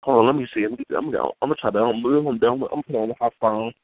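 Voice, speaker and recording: A man's voice: mid-range voice, fast, no room sound. A man on a community call telling a long rambling story in casual, profane slang, repeating himself as he goes. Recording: tinny phone-like line, dry.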